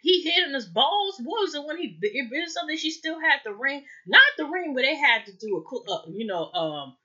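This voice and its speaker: A woman's voice: sits high, big pitch swings, fairly quick, sharp tone, highs cut off. A woman hosting a casual TV recap, rambling and chatty, often calling out to viewers. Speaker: reality TV review host.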